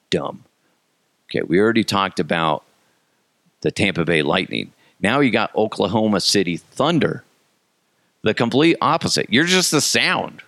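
Sarcastic man ranting with lively swings. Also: low-pitched, a little slow, long pauses, dry recording. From Colorado, USA. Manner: sarcastic, mocking, jumps into silly voices. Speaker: podcast host. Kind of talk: comedic solo rant.

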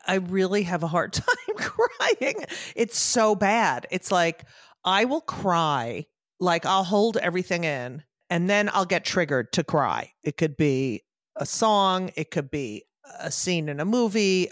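Low-voiced self-mocking woman comedian. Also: expressive, no room sound, studio quality. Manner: quick, self-mocking, laughing. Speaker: comedian, guest. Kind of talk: interview conversation.

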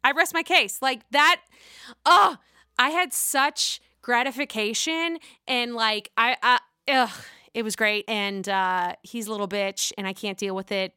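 Excitable Pittsburgh woman gossiping, bright voice. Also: a little high, unhurried, clean tone, no room sound, clean studio sound. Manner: excitable, profane and gushing. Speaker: host. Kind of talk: casual reality-TV gossip commentary.

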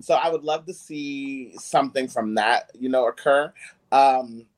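A man's voice: medium pitch, measured pace, a little hiss or hum. A man hosting a casual chat, enthusiastic and gossipy, with lots of fillers. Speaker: host.

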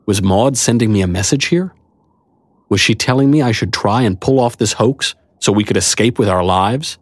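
Here a man with a voice on the low side and a breathy edge reads a first-person story at normal speed. His narration feels wry and conversational, and the close studio mic leaves no echo.

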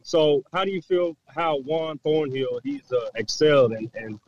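A man's voice: fairly high pitch, steady tone, unhurried. A man co-hosting a casual sports talk, hesitant and searching for words as he asks a question. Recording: dull line with faint noise.

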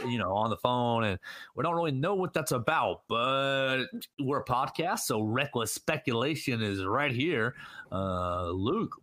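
A man co-hosting a casual sports podcast, ranting heatedly and swinging between loud and muttered lines. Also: medium pitch. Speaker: podcast co-host. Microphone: studio headphones and mic.

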